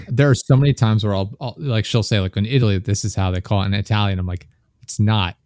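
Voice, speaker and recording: A man's voice: fairly low pitch, steady tone, quick pace, a little mellow, no room sound, clean studio sound. A young man, hosting a podcast in casual chat and rambling through stories with lots of fillers. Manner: rambling, filler-heavy storytelling. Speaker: podcast host.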